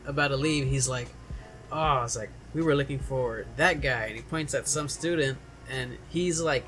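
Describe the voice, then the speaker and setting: A man's voice: on the high side, steady tone, normal speed, pushed and bright, faint music behind, low-quality recording. Young man telling a laughing story. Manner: storytelling, acting out quotes with laughter. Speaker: podcast co-host. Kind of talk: casual chat.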